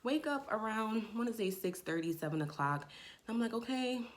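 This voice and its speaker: A young woman telling a personal story to her camera in a casual, lively way. She jumps into higher voices when she quotes people. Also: a little fast. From Jamaica. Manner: animated, acts out quoted friends in a raised voice. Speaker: vlogger.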